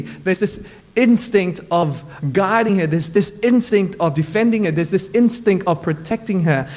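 A pastor preaching a sermon to his church, telling funny personal stories in an animated way. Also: high voice. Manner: animated, humorous storytelling. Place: church in front of a congregation.

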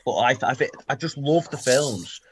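Scouse lad co-host, sweary and fired up, ordinary pitch. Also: male voice, normal speed, a little hiss or hum. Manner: animated, sweary, excitable storytelling. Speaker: podcast co-host. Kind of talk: casual chat.

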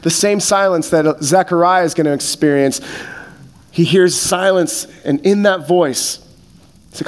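A man with a notably high voice preaching a sermon as a pastor. His delivery is relaxed and conversational, dotted with jokes and filler words. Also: unhurried. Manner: casual and joking, many fillers.

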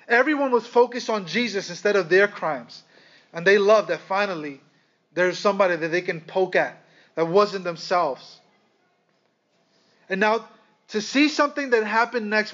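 A man preaching a sermon, speaking with dramatic pauses and calling his listeners "guys". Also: high-pitched, a bit bright. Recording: slightly dull lo-fi sound.

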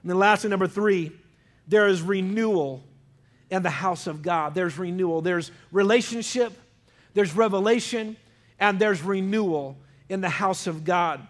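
Emphatic high-voiced male preacher. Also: moderate pace. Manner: emphatic, calls out questions to the congregation. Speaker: pastor. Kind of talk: sermon.

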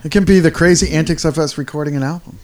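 A man's voice: a little high, darkish tone. A man co-hosting a casual podcast, a musician telling rambling everyday stories. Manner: rambling, quick storyteller. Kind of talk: casual chat.

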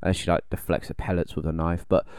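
A man bantering on a podcast, dropping jokey quips. His voice is fairly low. The sound is dry and close. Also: level tone, gravelly, darkish tone, clear, resonant tone, dry recording. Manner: joking, quick quips. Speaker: podcast co-host. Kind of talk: casual banter.

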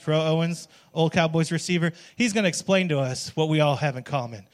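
A man's voice: on the high side, brisk. A worship pastor, a man, preaching a jokey, conversational sermon and often checking in with "right?". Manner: conversational, keeps asking "right?"; jokey, calls on the congregation.

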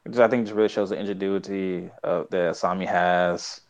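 A man with a lowish voice co-hosts a podcast in loose casual chat, rambling with plenty of fillers and frequent laughs. His mic sounds dull and lo-fi. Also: steady tone, fairly quick. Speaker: podcast co-host. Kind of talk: casual chat recapping a show.

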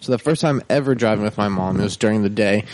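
A young man chatting casually, telling a lively story and mimicking a panicked voice at times. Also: on the low side, fast, noisy background. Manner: animated storyteller, mimics his panicked mother. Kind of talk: casual chat.

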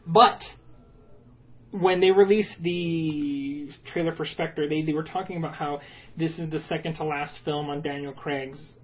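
A man co-hosting a podcast in casual, joking banter, animated and swearing now and then. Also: on the high side, unhurried, muffled recording. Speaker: podcast co-host. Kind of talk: casual chat.

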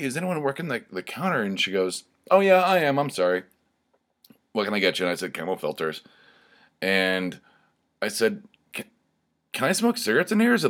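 A man with a fairly low voice hosts his own podcast alone. He talks casually, rambling through stories and updates with plenty of fillers, restarts and the odd swear word. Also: fairly bright tone. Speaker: podcast host. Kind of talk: casual solo podcast chat.

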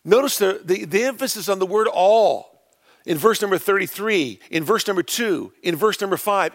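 A man preaching a sermon in a notably high voice. He hammers key words with rising force, then drops back into quieter, lower lines. His delivery is earnest and emphatic throughout. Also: animated, normal speed. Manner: emphatic, swings between loud stresses and quiet low phrases.

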